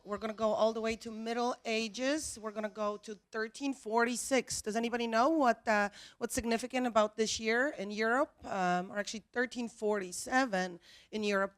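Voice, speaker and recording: Panel lecturer: woman with a fairly high voice, friendly, questions the audience. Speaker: college professor on a panel.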